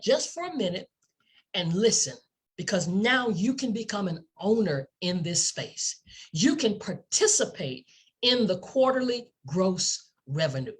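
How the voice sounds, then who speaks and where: Female presenter, lively swooping delivery, husky edge, hard-sell enthusiasm, rhetorical questions. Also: on the high side. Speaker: company presenter. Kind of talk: sales pitch presentation.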